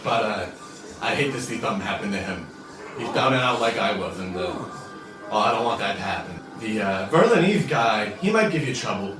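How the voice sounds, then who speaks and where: A man's voice: fairly low pitch, lively intonation, a little fast, distant mic, lightly acted. A man voicing a cloaked male elf schemer who talks hesitantly and rambles with lots of fillers, recorded in a roomy space away from the mic with faint music. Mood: uneasy.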